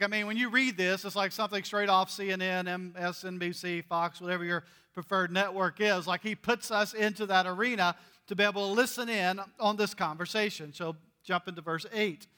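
Guy preaching a casual sermon, high bright voice, jokey and chatty, reads scripture. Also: long reverb tail. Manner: conversational, joking, animated Bible reading. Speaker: pastor.

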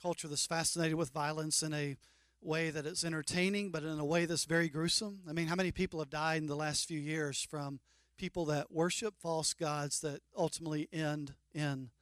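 A male pastor preaching a sermon, animated and joking with mock-incredulous asides. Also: on the high side, normal speed, no room sound, clean studio sound.

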